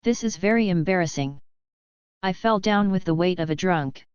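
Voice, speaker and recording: A practical young shop owner, read by a woman narrator, speaking plainly and matter-of-factly. The voice is low, very clear and dry, with a slightly dull recording. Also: moderate pace, darkish tone, no echo, natural voice.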